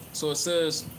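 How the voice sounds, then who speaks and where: A man's voice: on the high side, low-quality recording. A man preaching casually while walking through a park by a pond, rambling and profane, with many fillers and restarts. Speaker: religious livestreamer. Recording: clear outdoor background noise.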